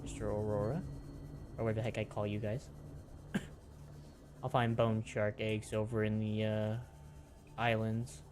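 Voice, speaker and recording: A man's voice: on the low side, little pitch movement, measured pace, long pauses, noisy background. A man streaming a game, talking casually to himself with mild minced oaths. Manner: chatty self-talk with mild minced oaths. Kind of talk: casual gameplay commentary.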